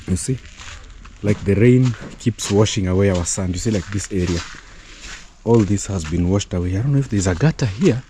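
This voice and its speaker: A man's voice: fairly low pitch, normal speed, dark tone, a little hiss or hum. A man vlogging casually on his farm, chatty and loose with fillers and restarts, out of breath from walking uphill. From East Africa. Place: outdoors on a rural farm.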